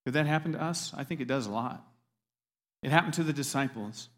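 A man's voice: mid-range voice, brisk, fairly bright tone. A man preaching a sermon as a pastor, earnest, repeating words as he stresses his points. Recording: long hall reverb.

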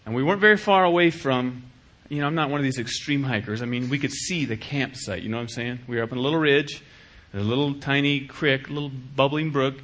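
A middle-aged man preaching a sermon as pastor, acting out little dialogues in an animated way. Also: medium pitch, fast, few pauses. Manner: animated, acts out dialogues with shifting voice.

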